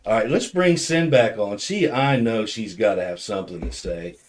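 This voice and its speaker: A man's voice: on the low side, moderate pace. A man hosting a podcast, telling a funny story in casual chat, rambling and restarting often. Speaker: podcast host.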